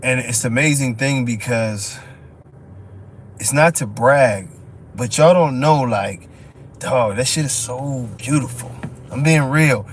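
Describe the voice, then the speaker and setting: A man, telling a story in casual live-stream chat, profane and quick to laugh. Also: mid-range voice, slight background noise. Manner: loose, profane, laughs often, lots of "you know what I'm saying". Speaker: dog show judge and breeder telling stories.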